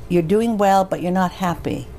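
Older American woman, interview guest, warm storyteller who slips into quoted voices, light background hiss. Conversational, lively. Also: medium pitch, moderate pace. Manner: animated, anecdotal, acts out quoted voices. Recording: faint background noise.

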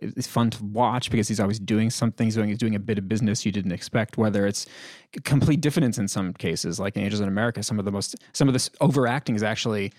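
A man with a low-pitched voice talks films in an easygoing conversation. He is thoughtful and often restarts sentences as he feels for the right word. The studio sound is dry and close, with no room echo. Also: quick pace, hardly any pauses, a little mellow. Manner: thoughtful, searching for words, frequent restarts. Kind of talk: casual discussion.

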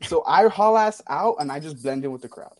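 A young man, telling a rowdy story on a talk show, swearing freely and talking fast. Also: a little high, no echo. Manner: profane, animated storyteller. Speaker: caller sharing a story. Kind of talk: casual storytelling.

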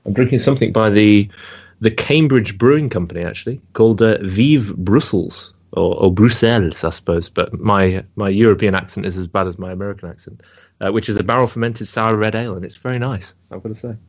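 A man's voice: on the low side, fast talker, lo-fi sound. A man co-hosting a casual podcast, wry and teasing. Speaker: podcast co-host.

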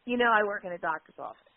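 A woman's voice: mid-range voice, dry recording. Woman, chatty storyteller, acts out quotes, dry thin phone-line sound. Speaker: guest storyteller. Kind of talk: casual anecdote on a podcast.

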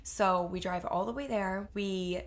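A woman co-hosts a podcast and tells a story in a chatty, animated way. She fills her sentences with casual fillers and keeps the flow easy. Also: mid-range voice, measured pace. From Boston area. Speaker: podcast co-host. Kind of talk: casual chat.

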